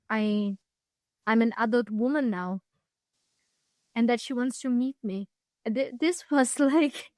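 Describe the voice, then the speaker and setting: Young woman, guest, fairly high voice, thoughtful, halting, frequent restarts, dry close sound. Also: no room sound. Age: young adult. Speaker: podcast guest. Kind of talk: reflective personal storytelling.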